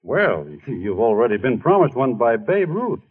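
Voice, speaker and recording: A man playing an earnest, bashful young ballplayer in 1940s radio acting, his voice husky on a tinny old broadcast. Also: medium pitch, very animated, moderate pace. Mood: encouraging.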